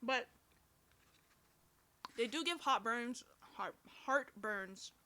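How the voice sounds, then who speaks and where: Bright, chatty woman reviewing a drama. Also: a little high, very slow. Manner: chatty, rambling, frequent fillers and self-corrections. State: burping from heartburn. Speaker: podcast host reviewing a TV drama. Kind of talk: casual commentary.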